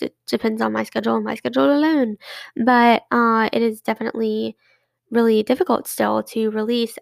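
A woman's voice: on the high side, creaky, no room sound. A young woman, hosting her solo podcast in an effusive, grateful, chatty way full of restarts. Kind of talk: casual monologue to listeners.

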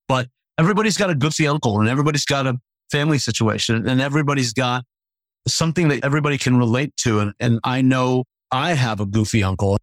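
A male stand-up comedian tells stories in a lively, conversational way, laughing now and then and slipping into the voices of the people he quotes. His voice sits at a middling pitch. The sound is close and dry, with no room around it. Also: fast talker, no room sound. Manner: animated, laughing, acts out quotes. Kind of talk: casual storytelling in conversation.

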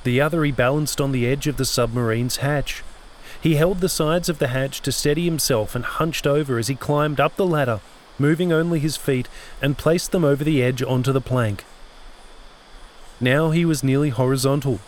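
A man narrating his own novel-length audio story in a steady, scripted reading. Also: medium pitch, moderate pace, a little hiss or hum. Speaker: narrator and author.

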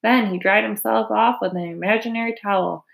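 Woman, reading aloud, children's novel, gentle, unhurried. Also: mid-range voice, fairly even intonation, gravelly. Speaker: reader.

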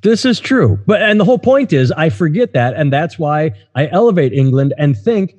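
A man's voice: fairly high pitch, very animated, moderate pace, darkish tone. A middle-aged man hosting a casual podcast, rambling and hesitant with many fillers. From United States. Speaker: podcast host. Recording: dull, lo-fi, in a reverberant room.

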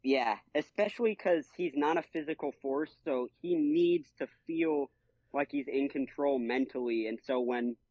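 A man's voice: medium pitch, a little slow, no room sound. A man co-hosting a casual podcast chat, talking with enthusiasm and slang, and acting out quotes in other voices. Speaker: podcast co-host. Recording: dry, dull lo-fi sound.

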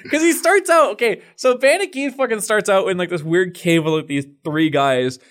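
A young man with a slightly higher voice co-hosts a casual podcast. He tells fast, excited, profanity-laced stories and keeps breaking into quick impressions of the people he describes. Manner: excited, profane storytelling with put-on quotes. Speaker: podcast co-host. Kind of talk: casual chat.

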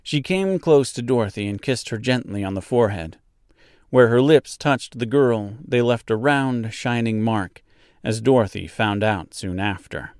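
A man hosting a podcast, reading a children's classic aloud in slow, deliberate storybook narration. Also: mid-range voice, darkish tone, dry recording, clean studio sound.

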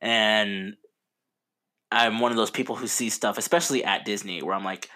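A man's voice: on the low side, moderate pace, bright, forceful tone. A young man co-hosting a podcast in casual chat, rambling and joking with frequent laughs. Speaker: podcast co-host.

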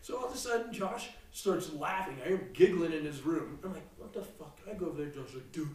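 A young man telling crude stories on a casual podcast, profane and brash, breaking into loud laughing bursts. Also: a little high, fairly quick, recorded from a distance. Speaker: podcast co-host. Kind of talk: casual crude storytelling chat. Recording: echoey room, mic set back.

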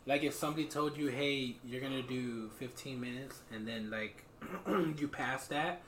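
A man hosting a casual podcast chat, talking haltingly with lots of fillers and throat clearing. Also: mid-range voice, fairly bright tone, slight background noise. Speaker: podcast host. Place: small studio. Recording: echoey small studio.

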